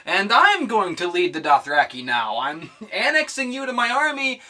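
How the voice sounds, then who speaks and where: A young man voicing a bratty young queen in a shrill, mocking falsetto. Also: wildly swooping pitch, normal speed, sharp tone, far from the mic, full character voice.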